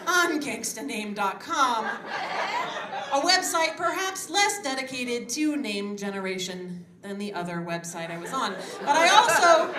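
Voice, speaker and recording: Wry high-voiced woman doing comedy. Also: pushed and bright, slight background noise. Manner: wry, playful, mock-earnest. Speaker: comedian in a debate show. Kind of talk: comic debate speech. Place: pub stage with a live audience. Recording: roomy live recording with audience.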